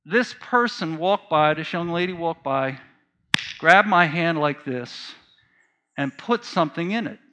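A man's voice: on the high side, lively intonation, a little slow, bright, forceful tone. A man preaching a sermon, telling a personal story with earnest feeling and repeating phrases for emphasis. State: choked up while reading.

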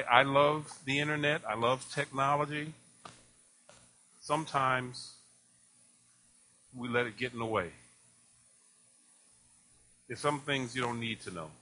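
A man's voice: mid-range voice, slight background noise. A man preaching a sermon, asking the congregation questions and acting out conversations with laughter. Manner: animated preaching, rhetorical questions, acts out dialogue with laughs. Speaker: pastor.

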